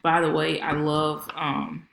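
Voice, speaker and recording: A woman's voice: deep voice, flat delivery, takes it slowly, gravelly, reverberant, noisy background. A woman consultant giving a casual screen-share walkthrough of a website, chatty and friendly with lots of filler ums. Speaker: marketing consultant.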